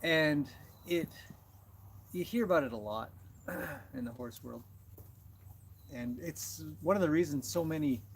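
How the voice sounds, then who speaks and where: A man's voice: medium pitch, slight background noise. Chatty man talking to his animals. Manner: chatty, talks to his animals between thoughts. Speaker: horse trainer livestream host. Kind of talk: casual livestream chat. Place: outdoors beside a horse.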